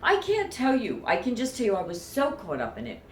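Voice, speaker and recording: A woman's voice: on the high side, wildly swooping pitch, brisk, roomy sound, a little hiss or hum. A woman vlogger telling a personal story to camera in a heartfelt, emotional way.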